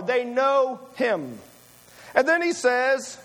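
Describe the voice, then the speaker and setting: A man's voice: very high-pitched, animated, normal speed, fairly bright tone. A man preaching a sermon, emphatic and full of rhetorical questions to his listeners.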